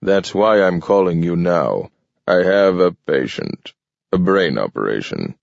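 A man's voice: sits low, very animated, a little slow, vocal fry, dry recording, full character voice. A man reading the part of a grave, gray-haired male doctor who talks in a firm, insistent way. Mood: stern. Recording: dull lo-fi dry recording.

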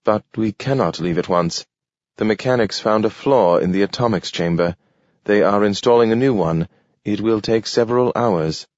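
A man voicing a calm, polite male robot servant in a storybook reading, formal and deferential. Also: on the low side, normal speed, no echo, natural voice. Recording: dull, dry lo-fi recording.

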